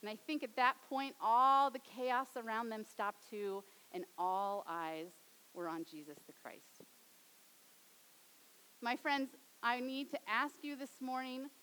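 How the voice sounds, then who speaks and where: A young woman preaching with a bright, sharp-edged voice that sits a little high. She moves between a quiet, hushed storytelling tone and emphatic appeals to her congregation. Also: a little slow, low-quality recording. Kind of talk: sermon.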